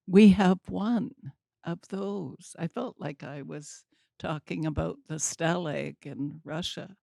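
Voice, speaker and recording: An older woman telling a story at a community talk, deliberate and wry with dry humor. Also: fairly low pitch, gravelly, mellow, dry recording.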